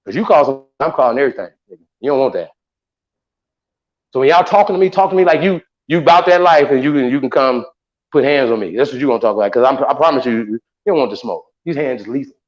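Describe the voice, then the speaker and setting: A man's voice: mid-range voice, expressive, fast. Fired-up man ranting on a livestream. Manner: profane, boastful, confrontational. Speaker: show host. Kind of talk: heated livestream rant. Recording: muffled lo-fi audio.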